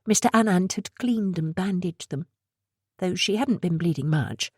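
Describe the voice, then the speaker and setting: A woman with a deep, low-set voice reads a suspense novel aloud in a steady, measured delivery. The sound is close and completely dry, with no room around it. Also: dry recording. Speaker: audiobook narrator. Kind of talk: scripted thriller narration.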